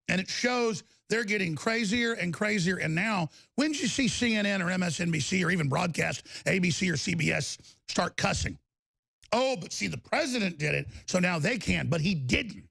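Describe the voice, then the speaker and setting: A middle-aged man hosting a live talk radio show, ranting angrily and repeating himself, mixed with product pitches. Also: creaky, a bit bright, dry recording. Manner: angry, aggressive, repetitive ranting.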